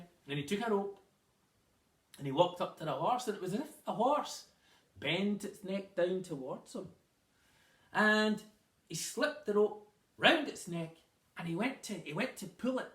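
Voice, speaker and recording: Man reading children's tales, lively, in an echoing room with the mic far off. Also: high-pitched. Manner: lively, with dramatic pauses and repeated words. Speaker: storyteller. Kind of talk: children's storytelling. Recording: roomy, distant mic.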